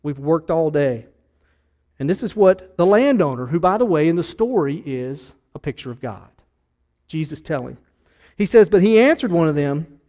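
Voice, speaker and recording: Male pastor, high voice, preaching with big loud-to-hushed swings. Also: expressive, moderate pace. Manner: swings between loud emphatic rises and soft hushed drops. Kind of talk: sermon.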